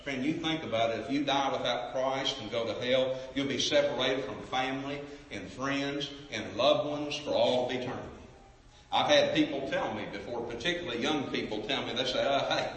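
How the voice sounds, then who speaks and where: A man preaching an impassioned sermon, swinging between booming cries and hushed pleading in a repetitive preaching cadence. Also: normal speed. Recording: echoey hall from far off.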